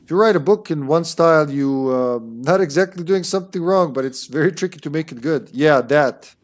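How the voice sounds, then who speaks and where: A man's voice: on the high side, a little fast. Casual young man streaming a game. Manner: casual, rambling, critical asides with mild swearing. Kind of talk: casual gameplay commentary.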